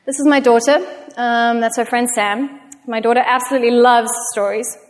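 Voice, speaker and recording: A woman's voice: on the high side, fairly even intonation, normal speed. Chatty woman speaker in a reverberant hall. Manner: chatty, self-mocking storyteller. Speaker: speaker giving a talk. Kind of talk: public talk with anecdotes.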